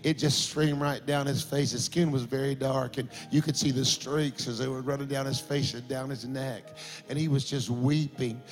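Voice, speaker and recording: A middle-aged man, a pastor telling a story in a sermon that builds to impassioned shouting. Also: mid-range voice, steady tone, normal speed, soft background music.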